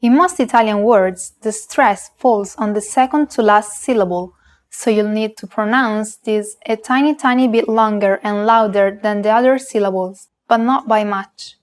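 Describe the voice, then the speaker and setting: A woman teaching pronunciation, modeling words and sounds with slow, careful enunciation. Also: medium pitch.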